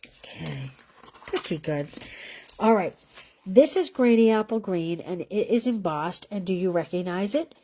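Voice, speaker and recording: A woman's voice: mid-range voice, expressive, normal speed, dark tone. Chatty woman demonstrating card coloring. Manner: chatty, talks while coloring, trails off mid-sentence. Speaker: card-making class host. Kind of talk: casual live craft demonstration.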